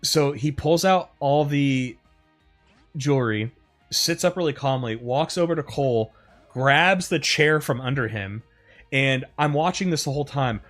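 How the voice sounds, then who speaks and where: Over gameplay, a man with a medium-pitched voice tells stories at a measured pace while faint music plays behind him. His casual retelling is animated, rambling, and profane, packed with frequent fillers.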